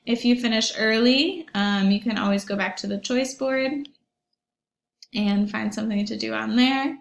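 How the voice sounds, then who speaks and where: In this recorded online lesson, a young woman teaching her class about a website speaks at a moderate pace in a creaky voice on the high side. She's upbeat and chatty, with lots of ums and asides to the pupils, and the room is echoey.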